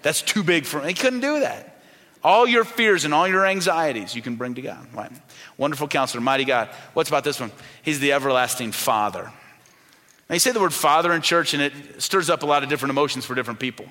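A pastor preaches to his congregation in a bright, forceful voice that sits a touch high for a man. He keeps it conversational, putting questions to the people and going soft when he quotes the people in his stories. The sound rings with the long reverb of a big church hall. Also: lively intonation, fast talker. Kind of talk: sermon.

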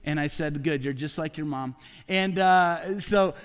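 Man in his forties, pastor; earnest sermon with hushed emphasis, ringing church reverb. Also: on the high side, unhurried, smooth. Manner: heartfelt, drops to soft hushed tones for emphasis. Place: church sanctuary.

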